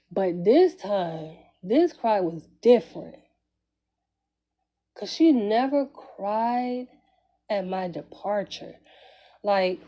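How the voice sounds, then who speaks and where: A woman's voice: mid-range voice, dark tone. A woman, telling a personal story in a candid, conversational way, swearing freely and chuckling between phrases. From Jacksonville, Florida, US. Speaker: vlogger.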